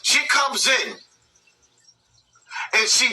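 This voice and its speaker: A man's voice: high voice, sing-song, takes it slowly, long pauses, far from the mic, background noise. A man hosting a commentary video, ranting and preaching to his viewers with lots of repetition. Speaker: commentary channel host.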